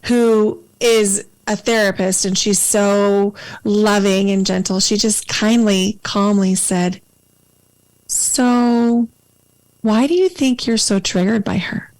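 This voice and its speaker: A woman hosting a podcast interview, speaking in a calm, measured and reflective way. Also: mid-range voice, rough recording. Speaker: podcast host. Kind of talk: casual conversational interview.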